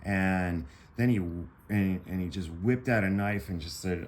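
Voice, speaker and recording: A man's voice: low voice, a little slow, darkish tone. A man casually telling a personal story to camera, rambling and profane, with many fillers and restarts.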